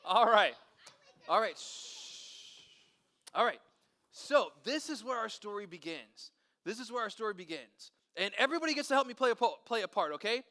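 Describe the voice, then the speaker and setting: A man leading a children's Bible story, energetic, playful and chatty with the kids. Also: high voice, moderate pace. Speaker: children's pastor.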